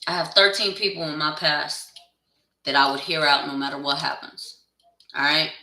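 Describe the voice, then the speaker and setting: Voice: mid-range voice, moderate pace, sharp tone, distant mic. A tarot reader in a blunt, profane, heated casual rant to camera. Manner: heated, insistent. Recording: echoey room, voice away from the mic.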